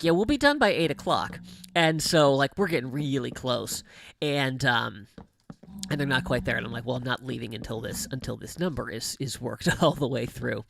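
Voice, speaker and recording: A man in middle age talks casually to his livestream viewers, looping back over his words as he tells a story. His voice has a gravelly, fry-touched edge at an average pitch. A faint noise sits under the recording. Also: fairly bright tone. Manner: chatty storyteller, frequent laughs and restarts. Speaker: streamer.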